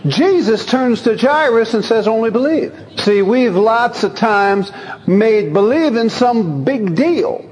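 A man preaching a sermon in a folksy, lively way, chuckling as he talks and reading scripture aloud. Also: high-pitched, takes it slowly. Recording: long hall reverb.

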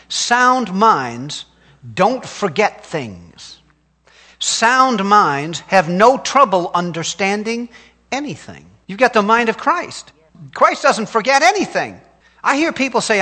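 A middle-aged man preaching with emphatic call-and-response. His voice sits high and swings widely in pitch, with a bright, forceful edge. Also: very animated, unhurried. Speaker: pastor. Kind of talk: sermon.

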